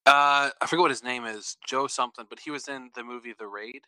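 A man's voice: mid-range voice, steady tone, quick pace, bright, forceful tone, dry recording, poor audio. A man co-hosting a podcast in casual chat, easygoing and trailing off with fillers. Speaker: podcast co-host.

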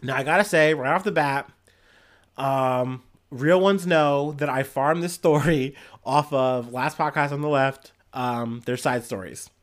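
A man's voice: mid-range voice, unhurried. A young man hosting a casual news podcast, rambling and swearing with many fillers and restarts. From Ohio.

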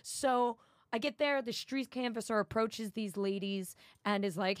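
A woman's voice: medium pitch, steady tone, a little slow, no echo, clean studio sound. A woman co-hosting a podcast, telling a story in casual chat, rambling with lots of fillers and acting out the voices of others. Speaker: podcast co-host.

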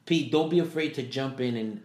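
A man co-hosting a podcast, chatting casually in an animated way with quick laughs. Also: medium pitch. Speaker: podcast co-host. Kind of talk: casual chat. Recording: roomy echo.

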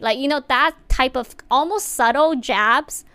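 A woman's voice: high voice, moderate pace, clear, resonant tone, no room sound. Chatty woman giving workplace advice. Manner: chatty, many fillers, animated emphasis. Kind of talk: casual advice talk to viewers.

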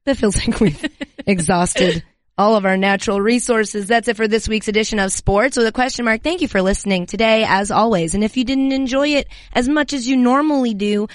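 A woman's voice: fairly high pitch, a little fast, no echo, clean studio sound. A woman hosting a sports podcast, chatting in a giggly, self-mocking, rambling way. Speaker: podcast host. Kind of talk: casual podcast chat.

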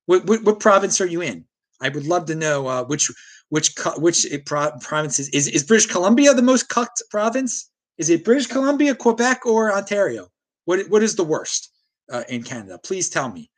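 Male host, combative livestream ranter, very lively pitch, frequent stammered restarts. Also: normal speed. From United States. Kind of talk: ranting livestream commentary, reading viewer chat.

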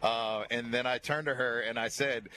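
A man, a regular on a radio show, telling a story in an animated way and acting out the quotes. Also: mid-range voice, moderate pace, slight background noise.

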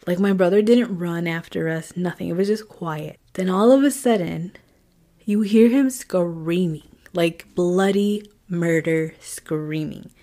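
Animated woman telling a story. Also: on the low side, a little slow. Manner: animated, acts out quotes and drops to whispers. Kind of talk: casual spoken storytelling.

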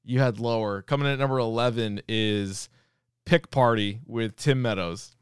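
A man co-hosting a podcast, retelling comedy sketches with animated energy and casual swearing. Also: on the low side, moderate pace, clear, resonant tone, dry recording, studio quality. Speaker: podcast co-host. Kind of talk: casual chat.

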